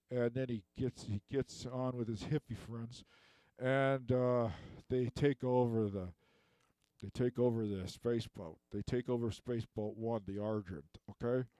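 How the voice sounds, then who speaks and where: Rambling man with a smooth voice. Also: medium pitch, dark tone, dry recording. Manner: rambling, tacks on "okay?" constantly. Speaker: comedian recapping a film. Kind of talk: rambling comic monologue.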